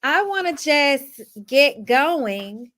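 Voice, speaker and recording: High-voiced mom vlogging slowly. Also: female voice, big pitch swings, fairly bright tone. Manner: chatty, laughs often, talks to her kids mid-sentence. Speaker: vlogger and mother. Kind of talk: casual chat to camera.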